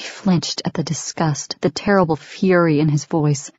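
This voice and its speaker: A woman reading an audiobook in steady, measured scripted narration. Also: low-pitched, dry recording. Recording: dry, dull lo-fi recording.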